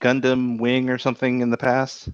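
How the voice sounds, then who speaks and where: A man's voice: mid-range voice, monotone, moderate pace, clean tone, no room sound. A man chatting casually on a podcast, hesitant, often restarting his sentences. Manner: hesitant, many restarts and fillers. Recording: dull lo-fi dry sound.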